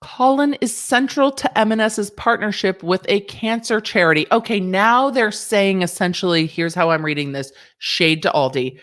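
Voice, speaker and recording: A woman's voice: medium pitch, normal speed, few pauses, a bit bright. A woman lawyer, giving sassy, playful reaction commentary on a news story, close to a desk mic. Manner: sassy, playful, chatty with asides.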